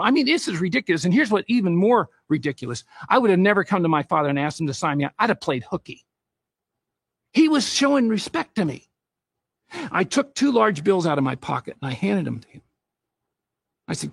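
A middle-aged man delivers a faith-based talk on parenting, weaving scripture into family stories. His voice sits high and swings widely in pitch, with a husky edge. The sound is close and dry. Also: normal speed, no echo. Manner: storytelling with scripture quotes, animated. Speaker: speaker on parenting.

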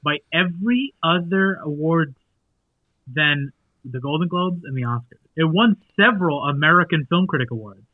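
A man's voice: a little high, normal speed, no room sound. A man joining a casual podcast chat as a panelist, talking in an earnest, rambling way. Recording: dry, phone-like audio.

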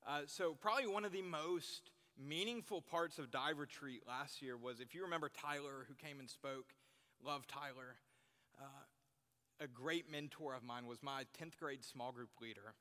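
A young youth pastor preaches a sermon to a youth group, earnestly repeating key phrases for emphasis. His voice is medium-pitched and sharp, at normal speed, with long reverb from a hall.

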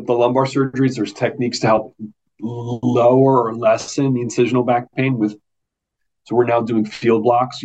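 A man's voice: medium pitch, a little mellow. An American man, a neurosurgeon, talking earnestly in an interview and explaining things step by step with frequent restarts. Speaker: neurosurgeon guest. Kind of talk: conversational interview. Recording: muffled lo-fi audio.

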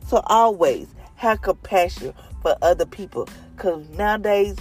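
A woman's voice: medium pitch, animated, unhurried, darkish tone, soft background music. A woman leading a devotional, sharing a personal testimony in an earnest, conversational, prayerful way. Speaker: devotional leader.

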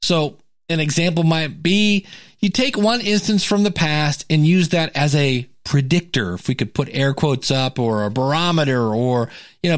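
A man hosting a podcast in a casual, conversational way, animated and acting out quoted thoughts. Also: fairly high pitch, normal speed, dry recording, clean studio sound. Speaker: podcast host.

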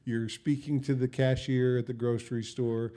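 A man's voice: medium pitch, flat delivery, moderate pace, warm tone. A man co-hosting a casual podcast, joking and explaining at length with fillers into a studio microphone. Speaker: podcast co-host. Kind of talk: casual chat.

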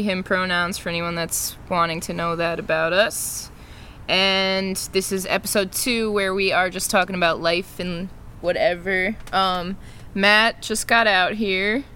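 A young adult host with a New York accent, casually chatting, relaxed, laughing often and swearing freely. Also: mid-range voice, a little hiss or hum. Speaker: podcast host. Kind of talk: casual chat.

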